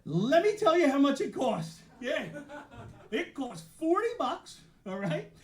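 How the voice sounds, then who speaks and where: At a live comedy show in a community arts center, a man with an extremely high voice and big pitch swings tells stand-up stories a little slowly but with punchy delivery. He keeps tagging lines with "right?", and the room is echoey.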